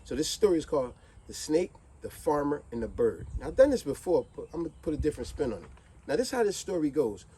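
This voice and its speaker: A streetwise man speaks straight to camera in a preachy, animated monologue. His pitch swoops and climbs often. His voice is slightly high yet soft and mellow. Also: fast talker, slight background noise, rough recording. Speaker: vlogger. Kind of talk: motivational monologue with fable.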